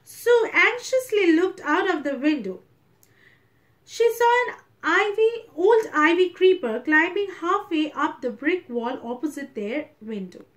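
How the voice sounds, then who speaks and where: A woman's voice: very high-pitched, lively intonation, measured pace. A woman teacher with an Indian English accent, explaining a story to a class and retelling each passage in simpler words.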